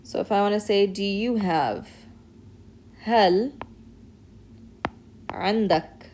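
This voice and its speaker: A woman teaching an Arabic alphabet lesson, explaining and demonstrating sounds in a patient, clear way. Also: mid-range voice, expressive, normal speed, darkish tone, slight background noise, poor audio. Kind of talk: recorded online lesson.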